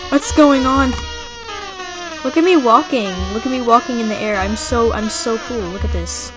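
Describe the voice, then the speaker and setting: A woman giving playful, excitable let's-play commentary as she plays, often breaking into shrieks and giggles. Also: a little high, moderate pace, music in the background, poor audio. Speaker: gaming YouTuber.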